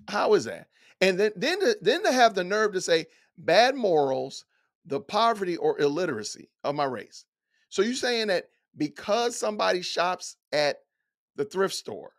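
Incredulous, animated middle-aged man. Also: a little high. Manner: incredulous, rhetorical questions, folksy. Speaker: commentator. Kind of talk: reading aloud and reacting to an essay.

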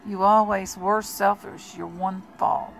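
Woman reading as a smooth, ironic vampire brother. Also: medium pitch, slow pace, faint music behind, rough recording. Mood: mocking. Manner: calm, ironic taunting.

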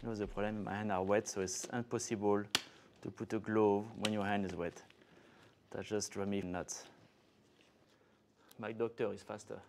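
A man's voice: fairly low pitch, level tone, normal speed, pauses often, noisy background. A middle-aged man with a French accent, a chef giving a chatty, playful cooking demonstration in a kitchen and dropping in French words. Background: background music and sizzling food.

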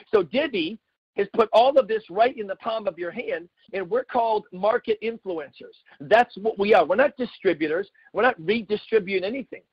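A middle-aged man from the United States giving an emphatic, repetitive sales pitch with folksy asides. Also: slightly rough, no room sound. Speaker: network marketing presenter. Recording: dull lo-fi sound.

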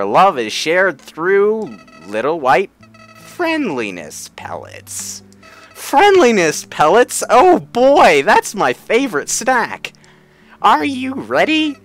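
A man's voice: a little high, huge pitch swings, very slow, a bit bright, faint music behind, pitched above the performer's own voice, full character voice. A man voicing a cheery but menacing male flower creature with a Southern US drawl, during a game playthrough. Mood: coaxing. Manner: sugary folksy drawl turning sinister. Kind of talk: video game let's play voicing.

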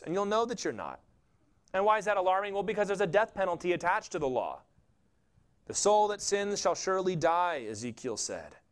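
A man pastor preaching a sermon in a conversational, jokey storytelling way, acting out quotes in little voices. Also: on the high side. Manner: animated, acts out quotes and voices.

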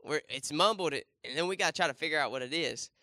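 A young man preaching at church talks fast in a slightly high, sharp-toned voice, recorded dry. His casual sermon includes a volunteer demonstration, questions for the congregation, and plenty of fillers and restarts.

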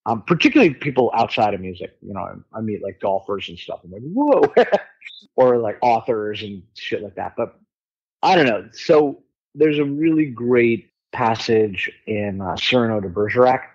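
A man's voice: lowish voice, expressive, moderate pace, slightly rough, muffled recording. A middle-aged man, a musician guest on a podcast, telling stories in a candid, rambling way, swearing freely and using many fillers. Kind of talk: casual storytelling chat.

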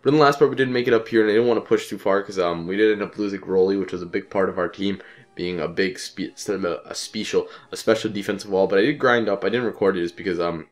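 A man's voice: sits low, fast. A young man with a cold and a congested voice, giving casual, rambling and profane commentary while playing a game. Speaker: let's play commentator.

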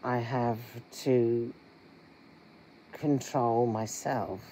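A middle-aged vlogger, talking earnestly and haltingly to viewers with many pauses. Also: mid-range voice, fairly even intonation, dark tone, a little hiss or hum, rough recording. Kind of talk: candid personal vlog talk.

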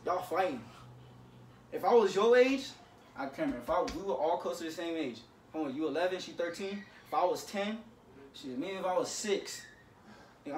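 A man's voice: a little high, far from the mic. Man lecturing his little brother, stern then joking, roomy sound, a bit off-mic, faint hum behind. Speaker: older brother scolding younger brother. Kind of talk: casual prank video talk.

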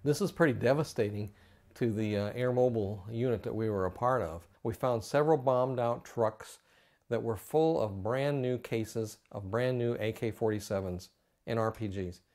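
An older man, a war veteran, recounting combat memories haltingly in a documentary interview. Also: mid-range voice, darkish tone. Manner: halting, many fillers.

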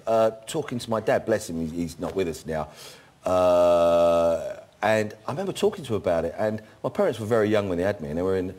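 A man in his fifties with a fairly low voice, chatting as a guest on a talk show. He tells his stories in a cheeky, jokey way. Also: lively intonation, fairly quick, darkish tone. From England. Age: 50s. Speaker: guest actor. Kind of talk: casual chat-show anecdote.

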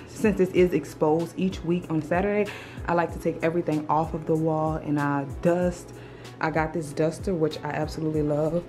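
An animated woman of thirty talks straight to her viewers in a casual home vlog. Her voice sits a little low. The room sounds roomy, with music under her. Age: 30s. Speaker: lifestyle vlogger. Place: apartment room. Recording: roomy echo with music behind.

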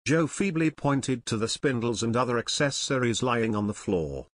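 A man narrating an unabridged audiobook in a steady, measured storytelling manner. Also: mid-range voice, no echo.

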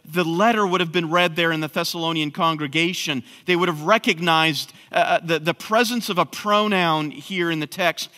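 A man's voice: fairly high pitch, fairly even intonation, moderate pace, few pauses, sharp tone. A man preaching an expository sermon, emphatic, with frequent restarts. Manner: emphatic, repeats words when restarting. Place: church sanctuary. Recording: long hall reverb.

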